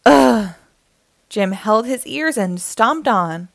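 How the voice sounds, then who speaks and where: A woman's voice: mid-range voice, lively intonation, measured pace, dry recording. A woman reading a children's picture book aloud, giving the characters their own voices. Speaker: storyteller.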